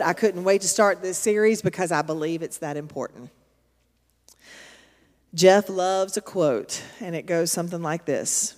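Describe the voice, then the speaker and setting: A woman's voice: low-pitched, a little mellow. Female preacher, chatty and emphatic, church-hall echo. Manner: storytelling, conversational, emphatic asides to the congregation. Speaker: pastor. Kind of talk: sermon. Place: church auditorium. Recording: long reverb of a large hall.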